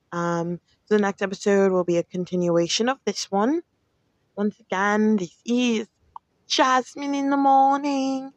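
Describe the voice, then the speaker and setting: A young woman talks straight into the mic at home, candid and fed up, dropping swear words as she vents. Her voice sits at a middling pitch and the recording is dry and close, with no room echo. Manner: frank, venting, swears freely. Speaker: podcast host. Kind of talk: casual solo podcast monologue.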